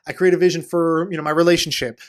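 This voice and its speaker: Eager man with a slightly high voice. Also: little pitch movement. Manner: fast, enthusiastic talk with many fillers and restarts. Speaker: podcast guest, entrepreneur. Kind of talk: casual interview chat.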